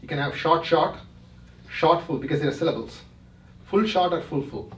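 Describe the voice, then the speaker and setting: Man presenting, slightly high voice, conversational, checks with listeners, echoey hall, mic far away. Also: moderate pace. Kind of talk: explanatory talk to a retreat audience. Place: retreat hall. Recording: roomy hall, mic from a distance.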